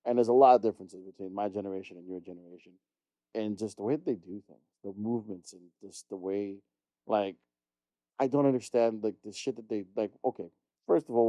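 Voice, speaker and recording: Middle-aged male podcast host, quick blunt rant, warm dark tone, dry close sound. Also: fairly low pitch, dry recording, highs cut off. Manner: blunt, exasperated ranting with frequent swearing. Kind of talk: casual chat.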